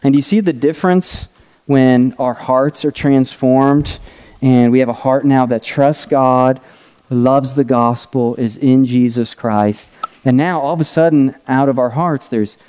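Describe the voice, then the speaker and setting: A man's voice: mid-range voice, unhurried, mellow, clean tone. A middle-aged man preaching a conversational teaching sermon, drawing a diagram on a board as he talks and often checking in with "right?" and "okay?". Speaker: pastor.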